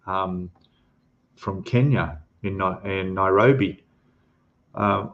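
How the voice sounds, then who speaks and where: A man's voice: fairly low pitch, lo-fi sound. Australian man chatting on a livestream. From Queensland, Australia. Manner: rambling, greets chatters warmly with "mate". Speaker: livestream host. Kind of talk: casual livestream chat. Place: home in Thailand.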